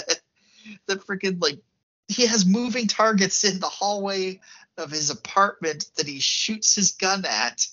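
Man, podcast co-host, casual film chat, animated retelling, bright tone, slightly muffled audio. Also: high-pitched. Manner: animated plot retelling with fillers and acted-out quotes.

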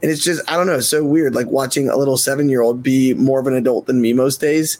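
A man's voice: medium pitch, fairly even intonation, fast talker, a little mellow. A man co-hosting a podcast, telling a rambling, joking story about being a dad in casual chat. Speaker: podcast co-host.

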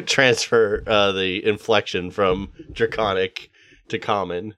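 Low male player, lively, rambling, dry. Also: takes it slowly, no room sound. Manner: laughing, rambling. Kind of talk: tabletop game play.

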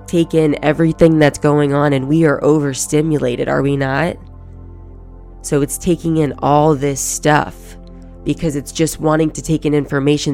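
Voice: mid-range voice, a little mellow. A podcast host giving a casual, profane motivational monologue and acting out everyday inner thoughts.

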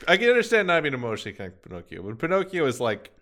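A man chatting casually about old animated films, rambling and jokey. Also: fairly high pitch, very fast. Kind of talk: casual film chat.

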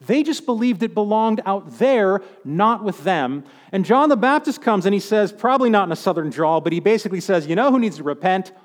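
A man's voice: sits high, lively intonation, a little fast, hardly any pauses, big-room sound. A man preaching a sermon in a conversational way, with joking asides.

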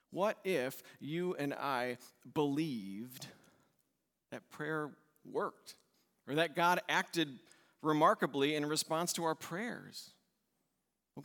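A man's voice: fairly high pitch, fairly bright tone. A male pastor preaching a sermon with emphatic delivery, repeating key words in lists. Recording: long reverb in a church hall.

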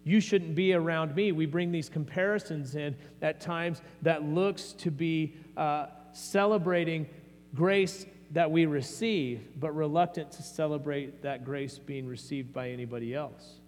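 A man's voice: fairly high pitch, a little slow. A man preaching a sermon as pastor, earnest and conversational, often restarting his phrases. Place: church sanctuary. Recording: long hall reverb, faint mains hum.

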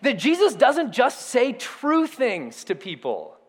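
A high-voiced man preaches in a lively way, his pitch rising and falling widely. He calls on his congregation to say words back to him. The voice rings out through a church hall with long reverb. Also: slow pace, breathy edge. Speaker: pastor. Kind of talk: sermon. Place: church sanctuary.

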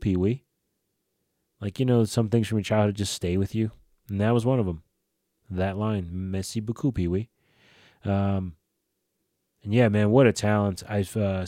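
A man's voice: fairly low pitch, mellow, dry recording, studio quality. A man in his forties hosting a solo podcast, talking casually and rambling, with plenty of swearing, fillers and restarts. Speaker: podcast host.

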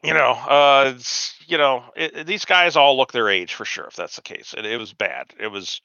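A man's voice: medium pitch, normal speed, vocal fry, bright, forceful tone, clear, resonant tone, no echo, lo-fi sound. A man in his forties telling a long, profane, rambling anecdote on a casual podcast, acting out the quotes of people he met. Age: 40s. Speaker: podcast host. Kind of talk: casual storytelling chat.

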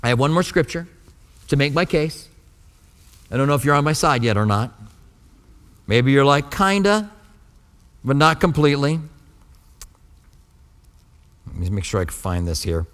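A man's voice: medium pitch, normal speed, pauses often. A man preaching a sermon as pastor, telling stories in a conversational way and acting out the dialogue. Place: church sanctuary. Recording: long hall reverb.

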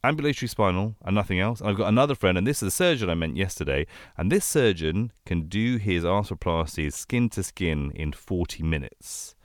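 A man co-hosts a casual clinical podcast, his voice sitting very low. He talks in animated bursts, rattling through lists and pushing his pitch up when he gets excited. The sound is dry and close. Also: brisk, hardly any pauses, dry recording. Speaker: anesthesiologist podcast co-host.

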